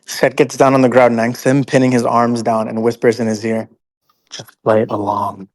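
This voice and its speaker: A man playing a tabletop game, calmly describing his character's actions. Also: medium pitch, a little fast, low-quality recording. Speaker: player.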